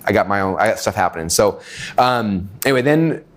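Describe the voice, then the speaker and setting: A middle-aged man telling a long personal story to a live audience, animated, with many fillers and acted-out quotes. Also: fairly low pitch, fairly quick. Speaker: webinar speaker. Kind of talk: energetic storytelling talk.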